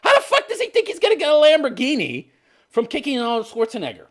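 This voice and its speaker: A man in his fifties rants through a video commentary, his pitch swinging widely as he mocks and swears. He talks with a sarcastic bite and keeps breaking into laughter. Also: wildly swooping pitch, fast talker, fairly bright tone. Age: 50s. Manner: mocking, sarcastic, profane, laughs often. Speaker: commentary show host.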